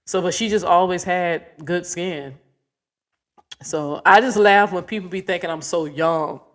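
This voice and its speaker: A woman's voice: on the low side, a little slow. A woman in her forties, hosting a casual livestream, chatting with viewers and playfully coaxing her dog. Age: 40s. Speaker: livestream host.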